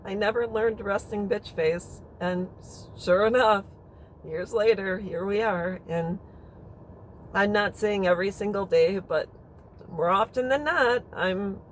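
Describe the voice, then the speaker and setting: A woman's voice: mid-range voice, unhurried, low-quality recording. Chatty woman telling a story, faint hum behind. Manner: chatty, rambling, frank with mild swearing. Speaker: vlogger. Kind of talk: casual storytelling.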